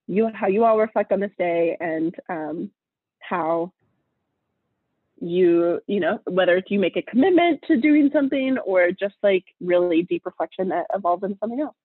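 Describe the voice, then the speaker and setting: A woman co-hosts a casual astrology podcast, talking loosely with many fillers. Her voice is fairly low with no echo, though the line sounds tinny, like a phone.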